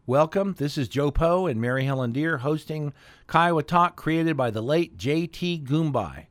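A man's voice: fairly high pitch, expressive, moderate pace, no echo. A man hosting a community radio talk show in an easygoing, casual way. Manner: easygoing, with fillers and restarts.

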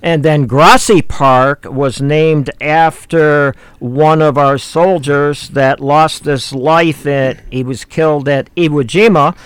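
A man's voice: fairly high pitch, steady tone, slow, hardly any pauses, clear, resonant tone, dry recording. Older man telling folksy stories. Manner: storytelling, folksy, with fillers. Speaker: host. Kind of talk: reminiscing talk show chat.

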